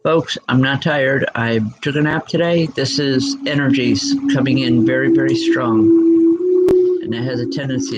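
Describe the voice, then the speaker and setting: Reassuring woman medium over loud noise. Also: a bass voice, steady tone. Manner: reassuring, halting, with frequent ums. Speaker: spiritual medium. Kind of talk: live-streamed psychic reading.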